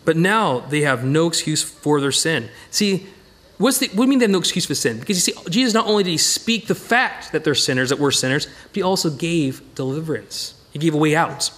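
A middle-aged man teaching a Bible study with slides, animated, often repeating phrases and correcting himself mid-sentence. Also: a little high, fairly quick.

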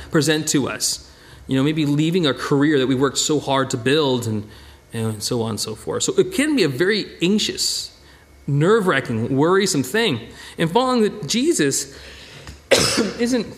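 A man preaching a conversational sermon as pastor, chatty and animated, often restarting and repeating words. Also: fairly high pitch.

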